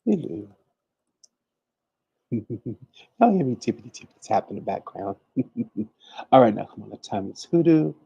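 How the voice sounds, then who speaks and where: A man's voice: medium pitch, very animated, a little slow, gravelly, pauses often, mellow, husky, no echo, lo-fi sound. A man hosting a casual livestream, chatting and teaching, greeting viewers by name and calling everyone honey. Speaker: livestream host and conjure teacher.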